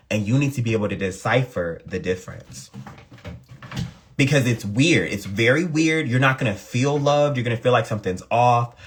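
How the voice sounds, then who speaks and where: A man giving a casual astrology reading, repeating points for emphasis in colloquial speech. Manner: animated, acts out quotes in a higher voice. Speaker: astrology reader. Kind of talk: casual astrology talk to camera.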